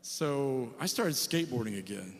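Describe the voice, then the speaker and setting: A man in his late forties, storytelling between songs at a church concert. His pitch sits mid-range, and he talks in a loose, jokey way with asides to the crowd. The sound carries a long hall reverb. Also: animated, moderate pace. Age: 40s. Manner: chatty, self-mocking, jokey asides to the crowd. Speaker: visiting musician. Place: church hall with live audience.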